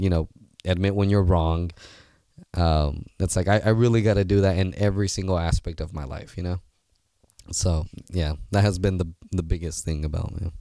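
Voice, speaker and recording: A man in his late twenties talks through his thoughts in a relaxed interview, his voice sitting on the low side. He rambles earnestly, restarting sentences and filling pauses as he goes. The sound is dry and close, with almost no room echo. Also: clean tone. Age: 20s. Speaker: guest, seminar organizer. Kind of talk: casual interview talk.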